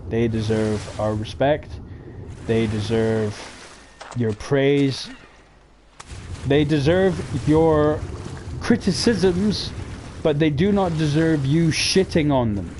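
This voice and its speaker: A man hosting a casual talk show, ranting heatedly with lots of swearing, jumping between loud outbursts and low mutters. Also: noisy background. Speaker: podcast host. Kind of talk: casual opinion rant.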